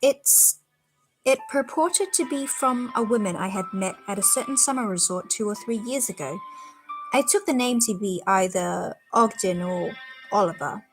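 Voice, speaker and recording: A woman's voice: medium pitch, lively intonation, normal speed, over music, natural voice, poor audio. A woman reading aloud and voicing a prim, decided older spinster.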